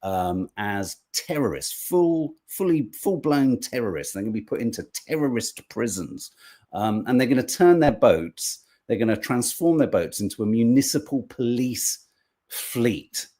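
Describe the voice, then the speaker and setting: A man's voice: medium pitch, lively intonation, a little slow, dark tone. A man hosting a podcast, commenting on news clips in a sarcastic, swearing, mocking way. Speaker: podcast host.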